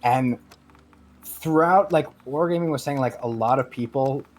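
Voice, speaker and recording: A man's voice: mid-range voice, measured pace. Rambling male streamer in chat. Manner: rambling, many restarts and fillers. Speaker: guest streamer. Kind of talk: casual gaming chat.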